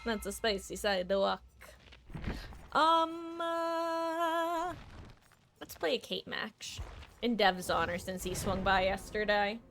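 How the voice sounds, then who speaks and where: A woman streaming a game live, giving chatty, playful commentary with quick asides. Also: mid-range voice, lively intonation, a bit bright, slight background noise.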